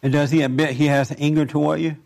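A man's voice: on the high side, little pitch movement, fast, creaky, darkish tone. A man counseling a guest, asking probing questions, repeating her answers back and now and then joking. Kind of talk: probing one-on-one conversation.

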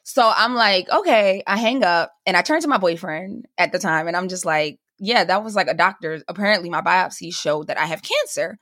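A woman's voice: lowish voice, a little fast, hardly any pauses, a bit bright, no room sound, studio quality. A young woman, a podcast guest, telling a personal story in casual chat and acting out the voices of the people in it. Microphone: remote call mic.

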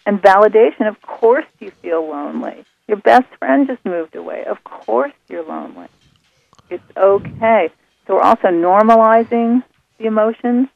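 A woman guest explaining her method in a calm, soothing, patient way. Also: medium pitch, normal speed, creaky. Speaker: author and guest. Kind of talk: explaining on a radio call-in. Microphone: phone. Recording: thin phone line.

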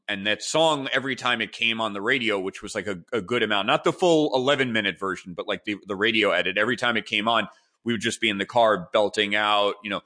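A man in his forties hosting a podcast, telling rambling, animated stories full of fillers and restarts. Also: fairly low pitch. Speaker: podcast host. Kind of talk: casual storytelling chat.

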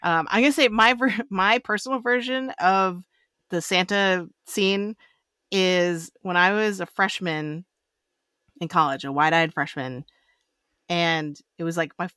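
A woman with a lower voice talks about a film in a relaxed, giggly way, full of fillers. Her voice is close and dry, with no room sound around it. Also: measured pace, clean tone, no room sound. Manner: giggly, hedging with many fillers. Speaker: podcast co-host. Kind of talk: casual film review chat.

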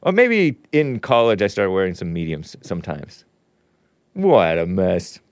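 A man's voice: low voice, sing-song, a little slow, dry recording. A middle-aged man hosting his own livestream show, chatting casually in a rambling way with joking asides. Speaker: show host. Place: home studio in Los Angeles.

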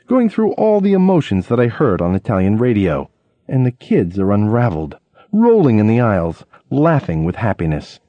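A man narrating a memoir audiobook in a lively storytelling way, acting out quoted lines. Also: medium pitch, normal speed, no echo. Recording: dull lo-fi audiobook recording.

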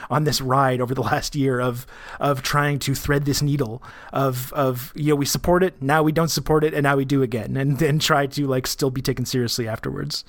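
Man, podcast co-host, rapid, wry, rambling, dry recording. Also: mid-range voice, fairly even intonation, no room sound. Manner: rambling, many restarts, wry. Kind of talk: casual podcast chat.

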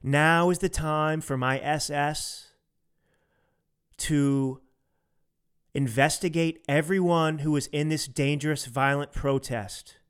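A man impersonating a smug male politician who speaks in a flat, falsely soothing, measured way. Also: fairly high pitch, clear, resonant tone. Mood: mock-calm. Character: smug fake-calm male politician, slow and passionless.

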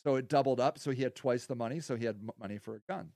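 Blunt, rambling podcast host, dry sound. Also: male voice, medium pitch, quick pace, creaky, no echo. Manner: rambling, blunt and profane, swings from quiet to heated. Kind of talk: casual monologue.

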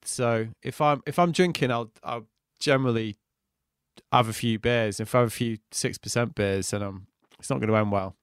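Smooth-voiced man chatting. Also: medium pitch, normal speed, dry recording, clean studio sound. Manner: relaxed, chatty, self-deprecating. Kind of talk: casual chat.

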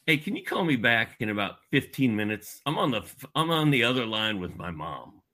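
A man recalling a relaxed basketball star. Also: medium pitch, fairly quick. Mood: friendly. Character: friendly adult male pro basketball star on the phone.

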